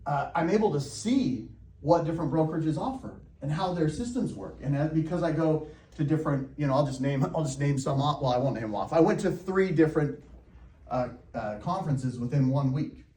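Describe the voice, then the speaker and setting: A man with a fairly high voice tells a story to a live audience. He talks in an animated way and laughs often. The room is echoey and the mic sits a little way off. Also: brisk, recorded from a distance. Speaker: real estate coach.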